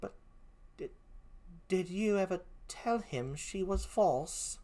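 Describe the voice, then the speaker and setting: A man's voice: high-pitched, expressive, slow, warm tone, pitched above the performer's own voice. An older man voicing a loyal, outspoken woman servant who cries out in outrage, in a one-man Shakespeare reading. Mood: pleading.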